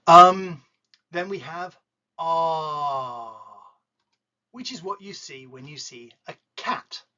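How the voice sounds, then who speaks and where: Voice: medium pitch, animated, slow, bright, forceful tone, lo-fi sound. An English pronunciation teacher with an English accent, giving a playful lesson and drawing out vowel sounds with jokes along the way. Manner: jokey, demonstrates sounds with exaggerated vowels.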